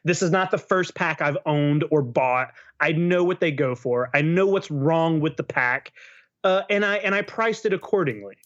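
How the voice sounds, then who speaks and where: A man's voice: on the high side, normal speed, a bit bright, lo-fi sound. A man co-hosting a podcast in casual chat, swearing freely and rambling with restarts. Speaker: podcast co-host.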